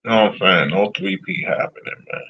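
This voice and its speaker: A man's voice: sits low, animated, quick pace, husky, dull audio. A man ranting casually about football predictions, blunt and profane as he answers his chat. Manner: profane, blunt, trash-talking. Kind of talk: casual sports rant.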